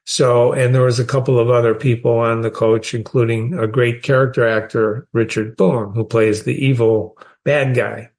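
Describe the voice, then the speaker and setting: A man's voice: medium pitch, fairly even intonation, normal speed, few pauses, darkish tone. A man, teaching a short story in a conversational way and often asking the listener questions. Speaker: literature teacher.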